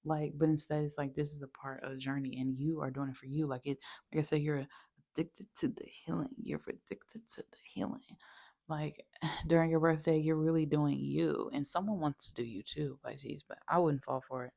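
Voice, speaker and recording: A woman's voice: deep voice, fairly even intonation, a little fast, gravelly, warm tone, dry recording, studio quality. A young woman giving a casual, rambling astrology reading and speaking straight to her listeners in slangy talk. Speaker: astrology tarot reader.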